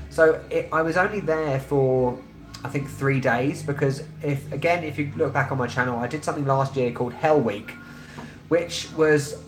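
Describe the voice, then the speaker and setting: A man in his thirties with a London accent hosts a travel live stream, talking bluntly and rambling along with frequent ums. His voice sits at an ordinary middle pitch. The sound carries a roomy echo. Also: fairly bright tone. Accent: London English. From England. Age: 30s. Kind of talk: casual live-stream chat.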